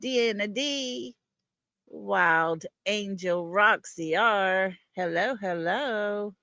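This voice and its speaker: A woman's voice: medium pitch, extremely slow, bright, forceful tone, no room sound. A woman hosting a livestream, greeting viewers one by one in a folksy way. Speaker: livestream host. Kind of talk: casual livestream chat.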